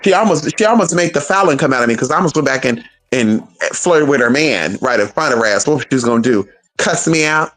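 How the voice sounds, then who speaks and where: A woman vlogger telling a story to her viewers in a sassy, profane, animated way, with drawn-out pauses. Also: rumbling low, soft background music.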